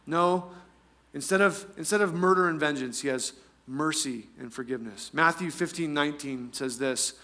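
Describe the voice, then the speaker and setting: A male pastor preaching with a high, bright, forceful voice. He stacks repeated phrases for emphasis and drops into casual asides with restarts. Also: moderate pace. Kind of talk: sermon.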